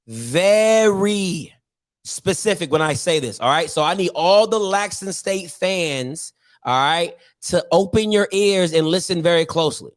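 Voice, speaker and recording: A man's voice: sits high, a bit bright. A man hosting a sports opinion show, talking emphatically and repeating himself for effect. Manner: emphatic, repetitive, keeps asking "all right?". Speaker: host.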